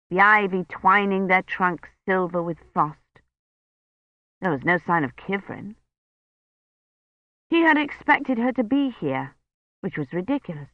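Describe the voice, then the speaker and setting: Man, audiobook narration, measured storytelling, dry close sound, slightly dull lo-fi. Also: high-pitched, dry recording. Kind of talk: scripted narration.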